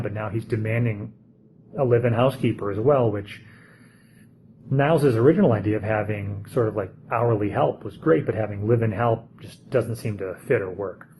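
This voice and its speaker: Man in his own relaxed voice, easygoing episode reviewer, thinks aloud, faint background noise. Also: medium pitch, low-quality recording. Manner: chatty, thinking aloud with fillers. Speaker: TV show reviewer. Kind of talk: casual spoken commentary.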